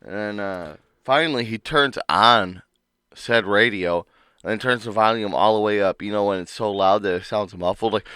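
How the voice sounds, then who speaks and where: A man's voice: lowish voice, moderate pace, sharp tone, smooth, no room sound, clean studio sound. A young man co-hosting a casual podcast, telling a work story full of swearing and acted-out quotes. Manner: profane, storytelling, mimics others. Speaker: podcast co-host.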